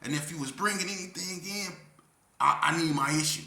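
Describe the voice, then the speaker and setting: An intense man with a fairly high, bright, forceful voice tells his story as an interview guest. He uses street slang and keeps repeating his points, swinging from near shouts down to a low voice. The room around him rings with echo. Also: fairly quick, gravelly. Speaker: interview guest recounting prison life. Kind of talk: emotional storytelling to camera.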